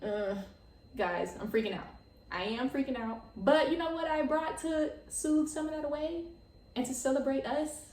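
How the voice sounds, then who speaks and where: A young woman in her twenties hosting her own podcast, excitable and chatty, full of "like" and laughs. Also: sits high, moderate pace, reverberant, recorded from a distance. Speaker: podcast host. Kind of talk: casual chat.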